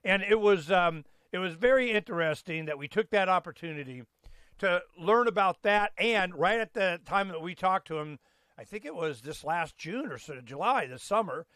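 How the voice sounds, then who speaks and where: A man's voice: high-pitched, lively intonation, moderate pace, a bit bright, no echo, studio quality. A man hosting a talk show, chatting in a loose, folksy way with lots of fillers and restarts. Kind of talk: casual rambling chat.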